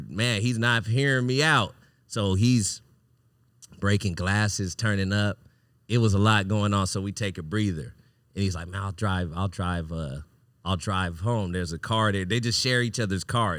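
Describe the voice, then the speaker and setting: Bright-voiced man telling a story. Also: fairly low pitch, no room sound, studio quality. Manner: animated, profane, acts out quoted lines. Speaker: podcast host. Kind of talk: casual storytelling.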